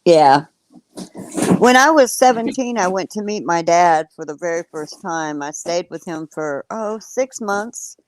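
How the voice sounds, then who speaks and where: A woman from Texas with a Texas accent, co-hosting a casual talk show in an easygoing, relaxed way. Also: lowish voice, measured pace, dry recording. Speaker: podcast co-host. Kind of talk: casual chat.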